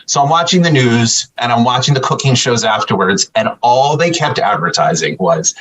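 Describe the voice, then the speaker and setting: A middle-aged man with a slightly husky voice, guesting on a podcast. He tells his story casually and animatedly, acting out the quoted exchanges. His voice sits at an average pitch for a man. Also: animated, normal speed, a bit bright, rough recording.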